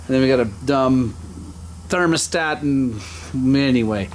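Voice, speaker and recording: In his workshop, a motorcycle shop vlogger with a mid-range voice talks casually and unhurriedly through a motorcycle engine job, with a little hiss or hum in the audio. He rambles and chuckles as he goes, getting animated when he tells stories.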